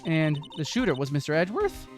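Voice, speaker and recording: A streamer voicing a brash, gruff male police detective in a game who keeps calling people "pal". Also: mid-range voice, wildly swooping pitch, fast, soft background music. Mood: explaining. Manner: gruff and blustery, says "pal". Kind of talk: voice acting while playing a game.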